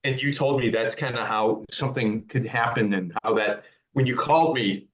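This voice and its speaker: A man's voice: medium pitch, normal speed, echoey room. A man telling a story as a podcast guest, stammering and repeating words. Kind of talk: casual storytelling. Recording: dull lo-fi recording.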